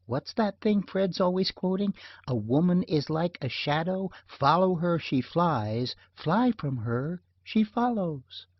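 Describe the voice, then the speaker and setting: A man voicing a teasing, quick-witted young wife and mother in an audiobook, speaking in a lilting, scoffing way. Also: high voice, expressive, no echo, voice pushed up, exaggerated voice. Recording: dull lo-fi dry recording.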